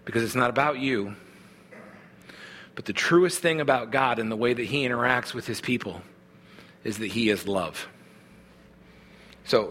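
A man's voice: mid-range voice, fairly bright tone, in a large hall, a little hiss or hum. A man preaching a sermon as a pastor, talking to the congregation in an earnest, conversational way.

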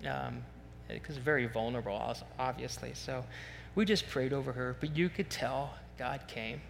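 A man preaching a sermon, telling a story in a conversational, animated way with self-deprecating asides. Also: mid-range voice, moderate pace, vocal fry. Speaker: pastor. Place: church sanctuary. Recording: long reverb in a large hall, faint hum.

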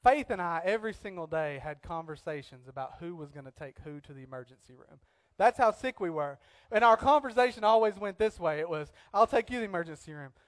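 Young male preacher, slightly high-pitched, animated storyteller who shifts between loud bursts and hushed reflection. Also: brisk, hardly any pauses, no echo. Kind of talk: sermon with personal story.

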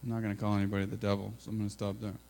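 A man giving an informal, earnest sermon, building to loud emphatic peaks, with a mains hum behind him. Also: on the low side, completely flat delivery, very fast, creaky, rough recording. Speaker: preacher.

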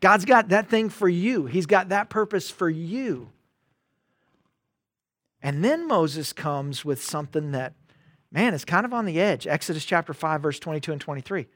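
A man preaching a conversational sermon, swinging between loud emphatic bursts and quiet asides. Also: on the high side, lively intonation, moderate pace, no echo, clean studio sound. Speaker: pastor.

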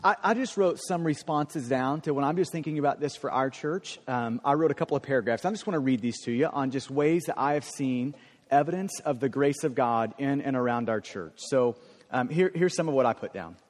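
A man's voice: medium pitch, a little fast. A middle-aged man, a pastor, speaking earnestly and informally to his congregation, with stammered restarts. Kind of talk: church service sharing time. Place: church sanctuary. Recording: long hall reverb.

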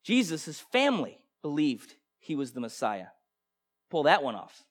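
High-voiced impassioned male preacher. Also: wildly swooping pitch, measured pace. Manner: impassioned, swings from loud bursts to hushed intensity, rhetorical questions. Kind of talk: sermon.

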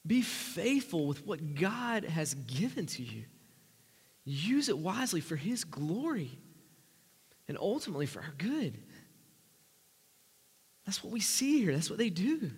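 A man preaching a sermon, emphatic, swinging from loud rising lines to quiet low asides. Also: very animated, measured pace, pauses often, breathy edge, big-room sound.

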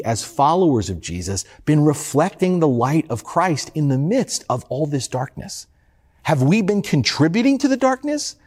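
Male pastor delivering a sermon; slightly husky voice, lively swings in pitch, earnest rhetorical questions.

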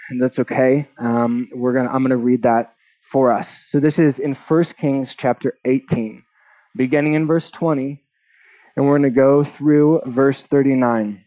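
A male pastor with a mellow, mid-range voice preaches by reading a long passage of scripture aloud. Between the verses he earnestly slips in conversational asides.

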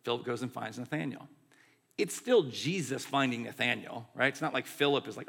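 A man delivers a sermon in a loose, chatty preaching style. His voice carries a gravelly edge at a mid pitch. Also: brisk. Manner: conversational, animated preaching with many "like" and "right". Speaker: pastor.

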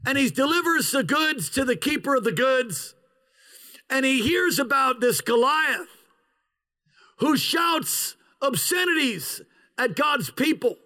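A man in his fifties delivers a sermon with a high, bright, sharp-edged voice. He swings his pitch widely, lurching into shouts and then slowing to a drawn-out crawl to hammer each point home. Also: rough recording. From United States. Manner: animated preacher, bursts into shouts, slows for emphasis. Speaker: pastor.

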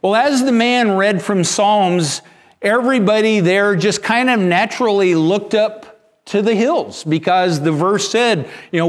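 A pastor delivers a sermon in an unhurried, measured way, often stumbling and repeating words as he tells his story. His voice is a man's, sitting noticeably high for a man.

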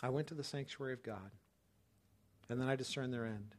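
A man preaching a sermon, talking in a conversational way with frequent "right?", who swings from loud rising outbursts to soft hushed tenderness. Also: mid-range voice, a little fast. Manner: conversational, repeats words and asks "right?" often. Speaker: pastor.

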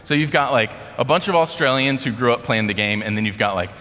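A man's voice: mid-range voice, fast, sharp tone, big-room sound. An American man giving a casual sermon, telling a story in a chatty way with lots of fillers. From United States. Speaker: speaker.

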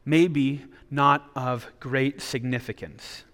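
A man's voice: mid-range voice, fairly even intonation, slow, fairly bright tone. Earnest preacher man in a reverberant hall. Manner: earnest, with frequent repeated restarts. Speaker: pastor. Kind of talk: sermon.

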